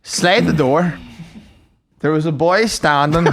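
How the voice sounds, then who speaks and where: A young man, telling a sweary, animated story on a casual podcast and acting out both sides. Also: fairly high pitch, unhurried, long pauses, over a noisy crowd. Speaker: podcast co-host.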